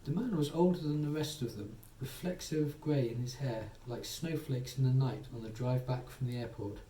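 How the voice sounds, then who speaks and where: A man narrating a soothing bedtime story, gently voicing its characters. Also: medium pitch, moderate pace, slight background noise. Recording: echoey room, distant mic, faint ambience.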